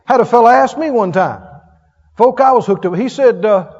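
Folksy high-voiced preacher in a hall. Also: male voice, lively intonation, a little fast. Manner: folksy, chuckling, swings from loud to hushed. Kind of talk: sermon. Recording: dull reverberant hall sound.

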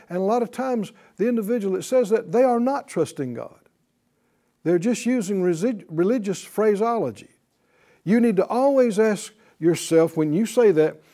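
A man's voice: high voice, expressive, measured pace, dark tone. A man teaching a Bible class in a sermon style, emphatic and repetitive, often putting questions to the class.

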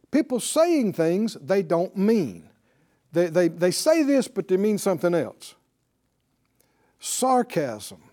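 A male preacher giving a sermon, asking questions, quoting scripture and chuckling between points. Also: high-pitched. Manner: animated, asks the congregation questions, quotes scripture.

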